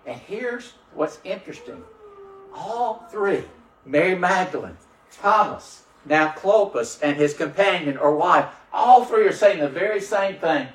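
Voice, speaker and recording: Male pastor, fairly high voice, fervent call-and-response preaching, miked from afar in a reverberant sanctuary. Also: slight background noise. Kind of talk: sermon. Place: church sanctuary. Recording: roomy church sound from a distant mic.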